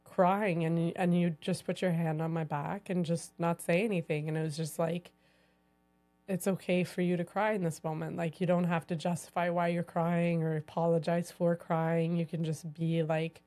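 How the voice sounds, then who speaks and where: A woman's voice: lowish voice, little pitch movement, normal speed, dark tone, faint music behind. A woman co-hosting a podcast about marriage, talking reflectively in casual conversation and saying "like" a lot. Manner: reflective, says "like" often. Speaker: podcast co-host.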